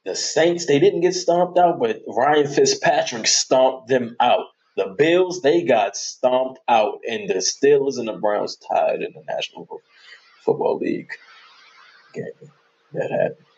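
A man's voice: mid-range voice, expressive, a little slow, darkish tone, highs cut off. A man hosting his own sports podcast, chatting casually and animatedly as he jokes through his predictions and picks.

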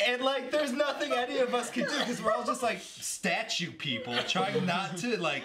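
A man's voice: very high voice, expressive, normal speed, over a noisy crowd. A young man telling a story in casual chat, rambling and laughing often. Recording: noisy background.

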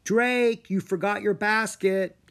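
A patient, matter-of-fact mother in a storybook, mildly scolding in a lifted, lively voice, as a man puts her on. She stays level and sure of herself. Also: a little high, normal speed, gravelly, slightly rough, voice pushed up, exaggerated voice.

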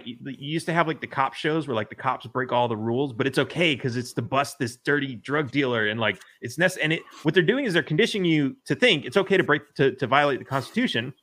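A man's voice: medium pitch, a bit bright. A man hosting a casual political podcast, rambling and swearing, with lots of fillers and restarts. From United States. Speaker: podcast host.

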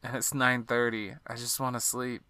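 A man's voice: mid-range voice, level tone, normal speed, sharp tone, smooth, no room sound. A man co-hosting a podcast, chatting casually in a goofy, joking, rambling way. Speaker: podcast co-host. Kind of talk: casual chat.

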